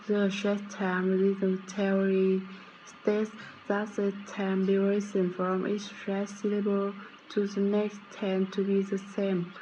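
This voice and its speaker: A woman reads a prepared lesson script at an unhurried pace. Her delivery stays strikingly flat and steady, with small stumbles. A faint hiss sits behind her voice. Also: medium pitch, rough recording. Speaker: student presenter.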